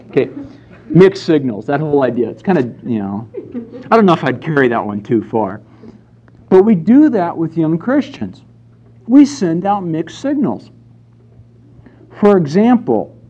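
A man's voice: a little high, a little mellow, lo-fi sound. Conversational male preacher. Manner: storytelling with acted-out quotes, conversational. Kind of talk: sermon.

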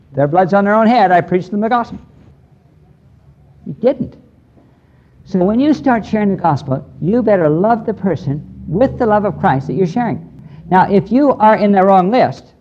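An older man from the United States delivers a sermon in earnest, plain-spoken words that build to emphatic preaching. His voice sits a little high but sounds dark and mellow. The recording is dull and lo-fi. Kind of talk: sermon with a storytelling tone.

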